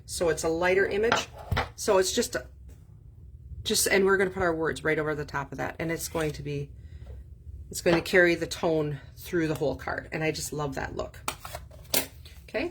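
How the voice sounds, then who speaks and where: Chatty woman, low voice. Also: noisy background. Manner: chatty, thinks aloud, frequent ums. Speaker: card-making demonstrator. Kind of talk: casual craft tutorial.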